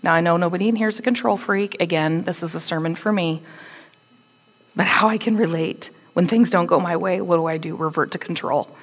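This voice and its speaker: A woman giving a conversational, animated sermon, acting out quotes with attitude. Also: on the low side, a little fast, big-room sound. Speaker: preacher.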